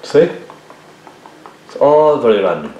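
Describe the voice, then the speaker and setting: A man giving a relaxed painting tutorial, talking viewers through each step and often checking in with them as he works. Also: mid-range voice, a little slow, muffled recording. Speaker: painting teacher. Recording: very echoey room.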